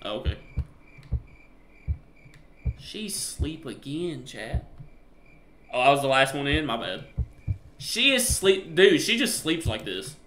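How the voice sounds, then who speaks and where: A young gaming streamer at a desk mic gives casual live-stream commentary, chatty and full of joking slang asides. His mid-range, fairly bright voice is very animated, though a little slow and often pausing, and the echoey room carries slight background noise.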